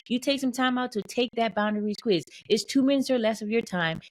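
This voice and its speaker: A woman hosting her own podcast as a boundaries coach, talking casually with many fillers, repeated phrases and "y'all", often laughing. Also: medium pitch. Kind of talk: casual solo podcast monologue.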